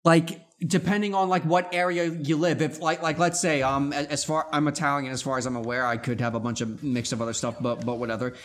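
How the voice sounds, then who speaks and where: Young man, slightly high voice, banters and argues in a casual gaming chat. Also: flat delivery, fairly quick, hardly any pauses. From New York area. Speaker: gaming channel co-host.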